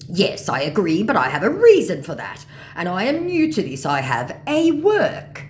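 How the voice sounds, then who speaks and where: A woman voicing an insistent young adult male romance scammer who pleads and protests in a slow, drawn-out way. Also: fairly low pitch, huge pitch swings, voice pushed up. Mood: pleading.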